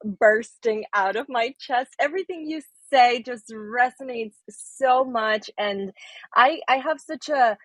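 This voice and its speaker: A woman caller on a video call, gushing excitedly in casual chat. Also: a little high, slow, dry recording.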